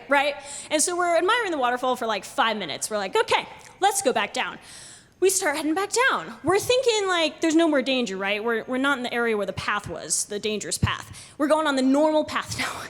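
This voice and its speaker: A young woman tells a true story on a live stage, her high, bright voice leaping up and down as she acts out the quotes. She laughs often and keeps the telling animated. The sound rings with the long reverb of a hall. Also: a little fast.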